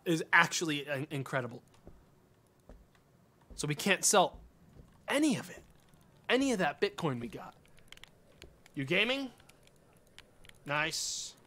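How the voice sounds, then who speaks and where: A male streamer giving live game commentary, exasperated and swearing, with sudden yells. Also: a little high.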